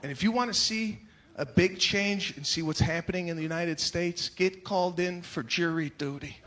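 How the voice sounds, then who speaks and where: A high-voiced man performs stand-up, animated and indignant, with his rants building to outbursts. Clear background noise runs under the live recording. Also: moderate pace, a crowd in the background. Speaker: stand-up comedian. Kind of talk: stand-up routine.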